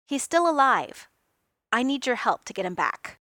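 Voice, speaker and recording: A woman's voice: high-pitched, sing-song, normal speed, fairly bright tone, no room sound, studio quality, voice pushed up. A woman voicing a brash, impatient genius inventor, a grown man who talks in snappy, exasperated bursts.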